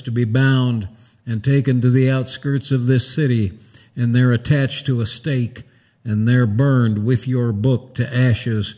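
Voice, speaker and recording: A man's voice: mid-range voice, warm tone, lightly acted. A man playing a juror who reads out a verdict in formal language. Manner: formal, reading aloud.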